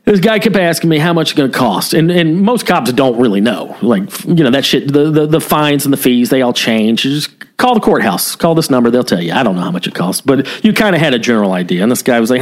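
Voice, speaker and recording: A man's voice: mid-range voice, big pitch swings, fast, hardly any pauses. Profane, candid man telling a story. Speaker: podcast co-host, former police officer. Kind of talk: casual storytelling podcast chat.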